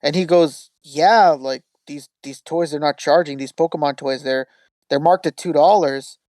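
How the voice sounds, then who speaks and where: A man's voice: on the high side, normal speed, no echo. A man hosting a podcast, telling a story in casual chat, swearing freely and acting out quotes. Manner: profane, animated storytelling with acted quotes. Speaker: podcast host.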